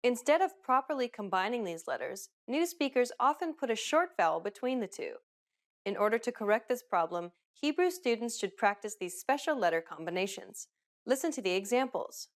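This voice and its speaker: A woman hosting a pronunciation lesson, giving upbeat, clearly enunciated scripted instructions. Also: a little high, very animated, normal speed. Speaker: language teacher host.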